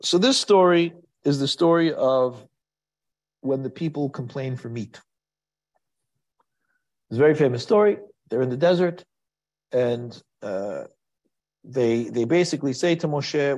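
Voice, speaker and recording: A man's voice: medium pitch, normal speed, darkish tone. A man teaching a Torah class in a conversational style, asking rhetorical questions and quoting Hebrew verses.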